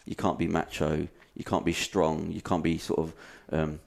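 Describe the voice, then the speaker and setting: A man's voice: extremely low pitch, little pitch movement, moderate pace, gravelly. A man, co-hosting a casual podcast chat, rambling and swearing freely and poking fun at himself. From England. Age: 30s. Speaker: podcast co-host.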